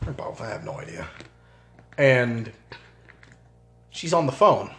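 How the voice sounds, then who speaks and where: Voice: mid-range voice, lively intonation, takes it slowly, a bit bright. A podcast co-host telling family anecdotes with laughter and casual swearing, recorded in a basement. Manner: laughing, profane anecdote teller. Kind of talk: casual chat. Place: suburban basement. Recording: roomy basement echo, faint hiss.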